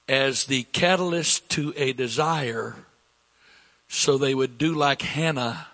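A middle-aged man preaching a sermon as pastor, slow and repetitive, rising in pitch when he presses a point. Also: a bit bright. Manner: slow, repetitive preaching, rising with emphasis, coughs between lines.

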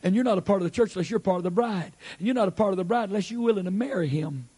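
A man with a high voice preaches a sermon in a drawl. He hammers on his points again and again and acts out small scenes as he goes. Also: very fast, warm tone, husky.

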